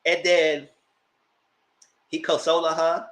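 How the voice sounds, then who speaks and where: A man hosting a casual TV recap, chatty and animated, laughing often and breaking into excited outbursts. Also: a little high, slow. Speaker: TV recap host. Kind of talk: casual live TV review commentary.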